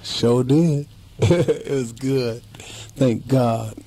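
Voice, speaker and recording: Husky warm-voiced man in his fifties. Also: medium pitch, extremely slow. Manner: emphatic, repeats himself, heartfelt. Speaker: interview guest. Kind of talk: casual interview chat.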